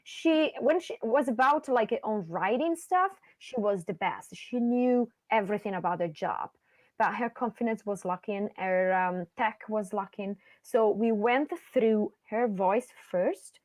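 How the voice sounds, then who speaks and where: A woman co-hosting a podcast as a voice and confidence coach, talking animatedly and swinging her voice high and low to make her points over a webcam call. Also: measured pace, no echo. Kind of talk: casual podcast chat.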